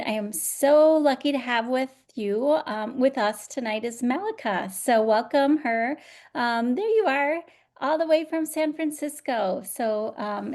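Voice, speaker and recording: A woman from Minnesota with a scratchy voice, hosting a live online journaling session in a chatty way, full of "um"s and restarts, speaking over a video call. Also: on the high side. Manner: warm, chatty, many fillers and restarts. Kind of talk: casual live webinar hosting.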